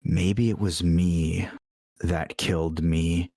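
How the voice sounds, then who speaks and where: A man plays a shapeshifting townmaster who drops into a low, hushed voice and speaks slowly and directly, with quiet menace, in a tabletop role-play. The sound is dry and close. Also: level tone, dry recording. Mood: menacing.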